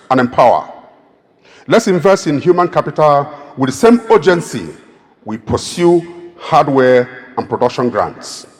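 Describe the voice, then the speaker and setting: A man from Nigeria gives a prepared address, his voice sitting a little high and swinging widely in pitch as he stresses each point. He moves through his argument by number. The sound carries the long reverb of a big hall. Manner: emphatic, lists points by number. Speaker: speaker at a meeting. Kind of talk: prepared public speech.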